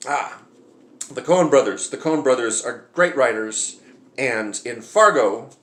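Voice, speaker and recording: A man's voice: medium pitch, expressive, measured pace, a bit bright. Man, casual vlog chat, hesitant, filler-heavy, echoey room. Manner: rambling, hesitant, many filler sounds. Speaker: movie vlogger. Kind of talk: casual talk to camera.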